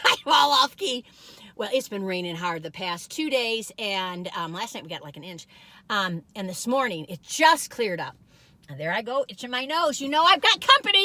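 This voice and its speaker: A woman's voice: fairly high pitch, lively intonation, moderate pace, sharp tone. A woman chatting casually in a taste-test vlog, bubbly and giggly, full of chatty asides. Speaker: food review vlogger.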